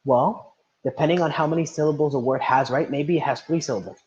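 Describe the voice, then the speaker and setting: A man's voice: on the high side, fast, lo-fi sound, noisy background. A man teaching an online class, patient, often checking understanding with "right?". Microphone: video call.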